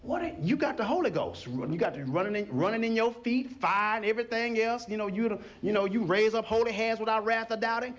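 A man preaching a sermon in an animated, folksy call-and-response style. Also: sits high, a little fast, few pauses. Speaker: pastor.

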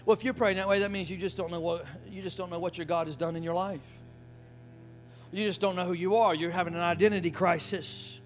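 A man with a notably high voice preaching a sermon, rising to shouted hallelujahs and calling for the congregation's response. His phrasing is folksy and colloquial. Faint music plays softly behind him. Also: steady tone, fairly quick. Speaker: pastor.

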